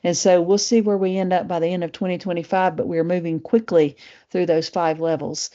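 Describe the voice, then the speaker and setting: Middle-aged Southern Appalachian woman, webinar presenter, chatty and low-key, mellow low voice, muffled lo-fi sound. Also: flat delivery, a little fast. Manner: chatty, many fillers and restarts. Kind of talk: casual live webinar presentation.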